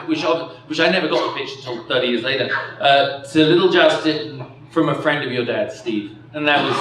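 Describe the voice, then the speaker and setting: A man's voice: medium pitch, fairly bright tone. A man in his fifties giving an after-dinner keynote speech, rambling and self-deprecating with frequent chuckles. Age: 50s. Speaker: keynote speaker. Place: indoor dinner hall. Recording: echoey hall from far off.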